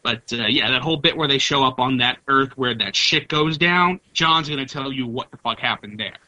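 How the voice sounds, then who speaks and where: Guy giving a comic review, cursing casually, super bright tone, muffled dry mic. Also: mid-range voice, normal speed, dry recording. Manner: loose and profane, hesitant. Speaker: podcast co-host.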